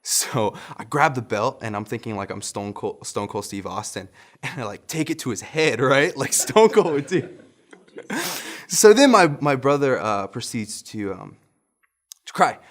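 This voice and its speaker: A man's voice: medium pitch, very animated, measured pace. A young adult man, a pastor, telling a personal story in a casual sermon and often chuckling as he goes.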